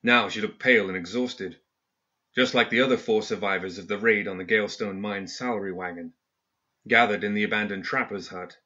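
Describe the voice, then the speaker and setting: A male narrator reads a story in a measured, steady audiobook manner. His voice is low but bright and forceful. The recording is dull and lo-fi.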